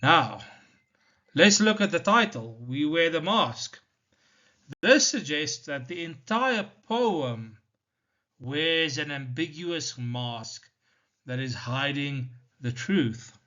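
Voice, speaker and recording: A male teacher from South Africa explaining a poem in a deliberate, step-by-step lesson, with many "so" and "now" turns. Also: on the high side, lively intonation, pushed and bright. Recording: slightly dull lo-fi recording.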